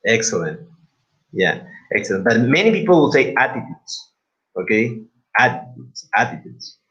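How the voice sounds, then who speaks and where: A man with a Spanish accent, a native Spanish speaker, teaching English pronunciation to a class in a halting way, with many fillers and repeated words. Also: medium pitch, very animated, fairly bright tone. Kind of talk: live class instruction. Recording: dull lo-fi recording.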